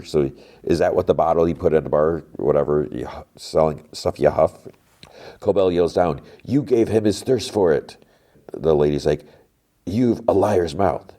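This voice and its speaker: Very deep-voiced man, casually recapping. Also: mellow. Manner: chatty retelling, swaps curse words for "fudge". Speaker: podcast host.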